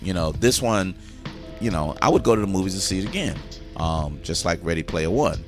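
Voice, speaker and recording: A man's voice: low-pitched, animated, brisk, loud music behind the voice. A man hosting a casual movie review chat, enthusiastically retelling scenes and swearing freely.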